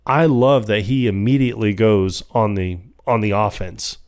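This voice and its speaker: A man's voice: lowish voice, fairly even intonation, moderate pace, a little mellow, clean tone. A man co-hosting a podcast, casually recapping a film scene by scene and laughing often as he acts out quoted lines. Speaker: podcast co-host.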